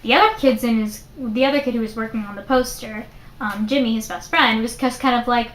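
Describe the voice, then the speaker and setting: Young woman, bright higher voice, chatty vlog reviewer, loose and animated, lots of "like". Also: a little fast, a little hiss or hum. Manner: chatty, many "like" fillers, animated retelling. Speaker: book reviewer. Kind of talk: casual book review vlog. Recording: roomy echo.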